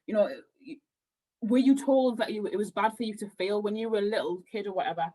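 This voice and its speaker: Podcast guest: a woman healer with a husky voice, animated and rambling. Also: medium pitch, quick pace, rough recording. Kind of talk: casual podcast conversation.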